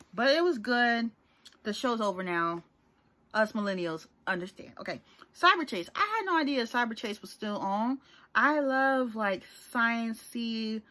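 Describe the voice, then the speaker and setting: A woman's voice: medium pitch, a bit bright. A young woman talking casually to her viewers in a rambling, chatty vlog. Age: young adult. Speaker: YouTuber.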